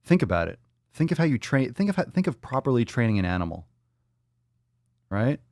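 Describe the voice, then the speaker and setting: A man's voice: big pitch swings, a little fast, no room sound, studio quality. A man hosting a podcast in a loose, profane, joking chat, reading viewer comments aloud. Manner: coos softly in a high baby-talk voice at a pet. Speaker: podcast host. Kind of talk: casual live-stream chat.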